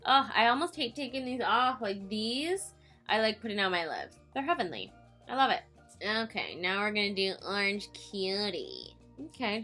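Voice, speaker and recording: A woman's voice: medium pitch, bright, forceful tone. A young woman reviewing makeup in a vlog, chatty, giggly and self-mocking, tired from filming late at night. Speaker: beauty vlogger.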